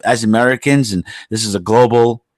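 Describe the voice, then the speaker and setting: A man's voice: mid-range voice, fairly even intonation, a little fast, no room sound. A blue-collar New man riffs on a podcast, cursing freely and joking through his rants. His mid-range voice sits dry and close on the mic, with no room sound at all. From New York. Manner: profane, rambling, joking, blue-collar bluster. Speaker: podcast host. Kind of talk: casual podcast chat.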